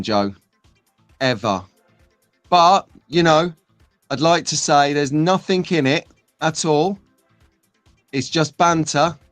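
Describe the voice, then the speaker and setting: A man's voice: on the high side, fairly bright tone, no echo. A man hosting a casual live stream, bantering and laughing as he chats with viewers. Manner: jokey, bantering, laughs often.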